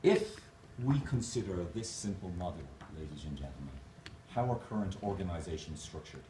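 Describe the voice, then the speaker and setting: A man giving a motivational conference keynote, animated and jokey, speaking straight to the crowd. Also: low-pitched, brisk. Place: conference hall. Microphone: distant camera mic. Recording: echoey hall, distant mic, noisy room.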